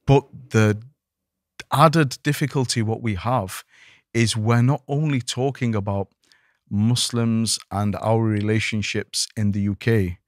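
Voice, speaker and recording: A man's voice: fairly low pitch, a little slow, no echo, studio quality. A man, an imam, speaking earnestly as a podcast guest, often repeating words as he restarts his sentences. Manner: animated, many repeated restarts. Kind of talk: earnest conversational discussion.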